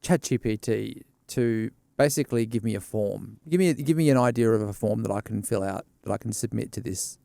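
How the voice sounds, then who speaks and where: A man co-hosting a podcast, asking curious questions in a relaxed casual chat. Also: fairly low pitch, brisk, gravelly, few pauses, dry recording. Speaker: podcast co-host.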